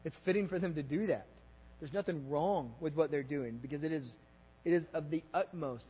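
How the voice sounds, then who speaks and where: A Texan-accented man preaches in a sanctuary, and his voice sits fairly high for a man. He talks to the room like a friend, tossing in asides and checking that people are following along. The sound is a bit dull, with a long reverb tail hanging off each phrase. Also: a little fast, slightly rough. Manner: conversational and animated, with asides and audience check-ins. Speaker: pastor. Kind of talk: sermon. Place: church sanctuary.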